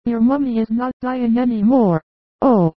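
A woman's voice: fairly high pitch, unhurried, dry recording. A woman playing a sick young mother who speaks in a pleading, emotional way. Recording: muffled, narrow phone-like sound.

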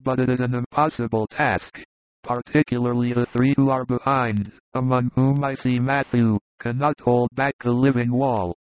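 Brief: man narrating steadily, mid pitch, dry lo-fi audiobook. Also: fairly even intonation. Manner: measured, descriptive. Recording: dull lo-fi recording.

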